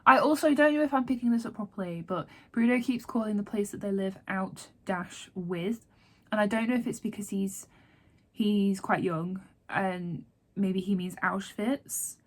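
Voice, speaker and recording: A woman's voice: mid-range voice, moderate pace. A woman from Yorkshire, giving a chatty book-reading update full of "like" and open feeling. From Yorkshire, England. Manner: chatty, heavy use of "like", openly emotional about the book. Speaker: book vlogger and author.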